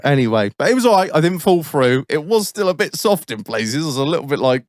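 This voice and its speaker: An Englishman in his thirties rattles off a holiday anecdote on a casual podcast, swearing in nearly every sentence. His pitch bounces around a lot as he talks, and his voice is close and dry with no room echo. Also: big pitch swings, fast talker. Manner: swears constantly, rambling anecdotes with frequent laughs. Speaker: podcast host.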